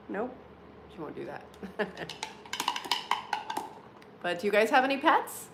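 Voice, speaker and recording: Her voice sits on the low side, animated yet unhurried, with frequent pauses. She's in her forties, hosting a casual livestream from home where she chats with viewers, laughs often, and uses many fillers such as "like" and "um," while background noise is clearly heard.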